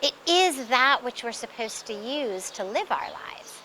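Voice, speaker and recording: A woman spiritual teacher who tells a teaching story in a slow, deliberate, emphatic way. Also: on the high side, animated, bright, forceful tone, a little hiss or hum.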